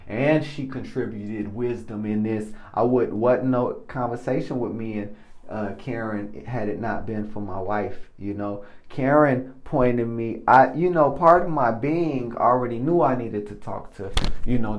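Man, slow drawn-out delivery, effusive, exclamatory, casual testimony monologue. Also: on the low side, darkish tone. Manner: effusive, exclamatory, repeats himself. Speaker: podcast host. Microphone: own recording mic.

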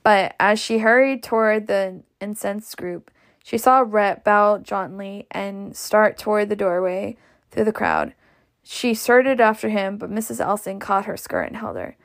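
A woman's voice: mid-range voice, lively intonation, measured pace. Woman reading a novel aloud. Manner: reads with occasional slips and restarts. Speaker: audiobook reader. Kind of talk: audiobook narration.

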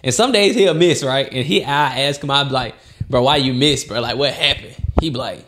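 A man co-hosting a podcast in casual chat, telling stories in lively fashion and acting out other people's voices. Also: medium pitch, a little fast, background noise. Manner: animated storytelling, acts out quoted voices, laughs often. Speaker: podcast co-host.

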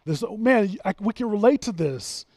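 Pastor, male, mid-high voice, dry close sound, emphatic sermon delivery with restarts. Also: expressive, moderate pace, darkish tone, dry recording. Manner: earnest, emphatic preaching with frequent restarts.

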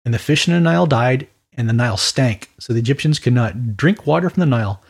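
This male preacher has a raspy voice in the middle range and teaches the Bible with lively, talkative energy. He slips in asides and brief impressions of other voices as he goes.

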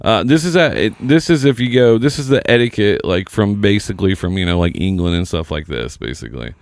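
A man's voice: on the low side, lively intonation, fairly quick, creaky, dry recording. A man co-hosting a casual chat, reading a list aloud with joking, swearing asides. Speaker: co-host.

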